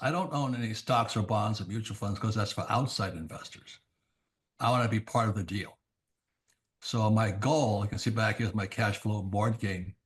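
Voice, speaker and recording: An older man, a guest author, telling blunt anecdotes in an interview and acting out quoted dialogue in quick bursts. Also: on the low side. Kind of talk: storytelling in an interview.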